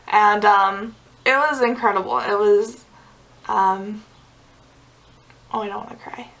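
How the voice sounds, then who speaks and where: A young woman talks straight to her viewers in a relaxed, chatty vlog. Her voice sits a little high, and she fills her sentences with "like" and quick giggles. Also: poor audio. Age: young adult. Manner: chatty, many "like" fillers, giggly asides. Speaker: vlogger. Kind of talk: casual storytelling to camera.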